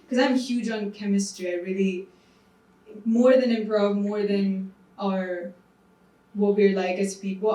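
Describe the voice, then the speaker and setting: Woman, actor, grew up in India, animated storyteller, panel Q&A, echoey room, far mic. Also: medium pitch. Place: private screening venue. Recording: roomy hall, far from mic.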